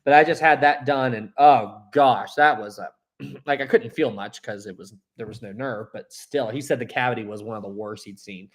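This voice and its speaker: A man's voice: medium pitch, moderate pace. A young man hosting a casual live stream, reading viewer comments aloud and rambling chattily with frequent laughs.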